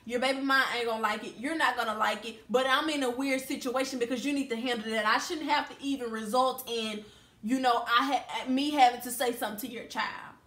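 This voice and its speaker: A woman's voice: fairly high pitch, fairly even intonation, a little fast, fairly bright tone. A young woman from Louisiana telling a storytime to camera in a blunt, heated, emphatic way. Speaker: vlogger. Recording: echoey room.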